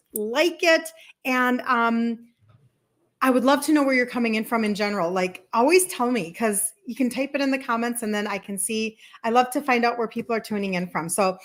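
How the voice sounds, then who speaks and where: A woman in her fifties with a Minnesota accent hosts a casual live stream. Her voice sits a little high. She talks in a chatty, excited, rambling way. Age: 50s. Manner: chatty and enthusiastic, greets viewers, rambling asides. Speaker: health coach livestream host.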